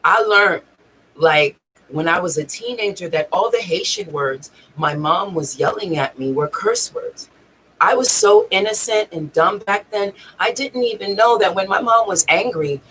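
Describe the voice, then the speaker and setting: This vlogger's voice is mid-range and a bit bright, caught on poor audio with slight background noise. She shares a personal story emotionally and rawly, swearing freely and occasionally on the verge of tears.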